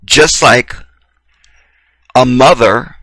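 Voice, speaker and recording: A man's voice: medium pitch, extremely slow, pushed and bright, dry recording. A man giving a preachy commentary monologue, emphatic and profane, speaking straight to his listeners. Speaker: video commentator.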